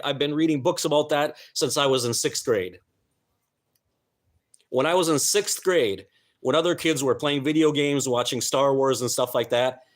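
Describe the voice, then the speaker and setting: A man's voice: mid-range voice, a bit bright. Earnest man talking on a live stream. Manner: earnest, emphatic, stumbles over names. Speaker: host.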